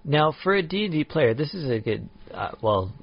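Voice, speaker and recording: A man co-hosting a podcast in casual chat, measured and full of "yeah" and "um". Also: fairly high pitch, very animated, creaky, breathy edge, muffled recording. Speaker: podcast co-host.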